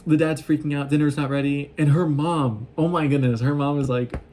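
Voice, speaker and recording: A man casually recapping a show in an excitable, rambling way, often acting out what the characters say. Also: a little high, fairly quick, slight background noise. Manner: excitable, gushing, acts out quoted lines. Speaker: vlogger recapping an anime.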